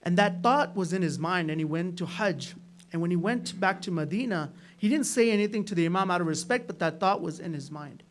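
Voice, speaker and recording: High-voiced man telling a sermon story. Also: expressive, fairly quick, a little hiss or hum. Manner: storytelling with frequent "right?" asides, rising loud in dramatic moments. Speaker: speaker at a religious gathering. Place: community hall.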